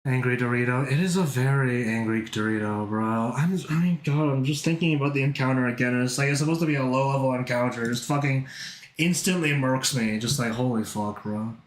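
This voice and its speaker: A man's voice: medium pitch, a little fast, reverberant. A man chatting casually while drawing on a livestream, rambling, swearing a lot and laughing often. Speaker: art streamer.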